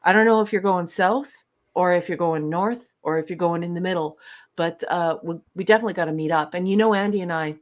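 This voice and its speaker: A woman's voice: fairly low pitch, fairly quick. A woman from western Canada co-hosting a live fan show, chatting playfully and affectionately with viewers and reading their messages aloud. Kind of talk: casual live-stream chat.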